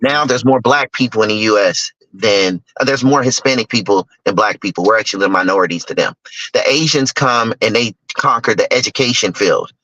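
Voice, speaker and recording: Middle-aged man, low voice, candid and emphatic storyteller, dry lo-fi audio. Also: brisk, sharp tone, no echo. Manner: emphatic, candid, acts out other people's lines. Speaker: guest speaker, investor. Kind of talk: personal storytelling talk. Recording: dull lo-fi dry recording.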